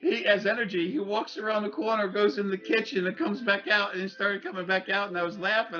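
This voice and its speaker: A man telling a long personal story in casual speech, halting often with fillers and restarts and swearing bluntly. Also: sits high, fairly even intonation, bright, forceful tone, dull audio. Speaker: interviewee.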